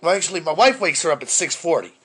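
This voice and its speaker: A man's voice: fairly high pitch, lively intonation, fast, a bit bright, breathy edge. A man telling a profane, exasperated story about his day in casual chat.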